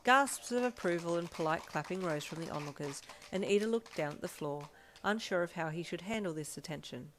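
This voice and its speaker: Woman reading fan fiction, low voice. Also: slight background noise. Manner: steady measured storytelling. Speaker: fanfiction reader. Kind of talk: audiobook reading of second-person fan fiction.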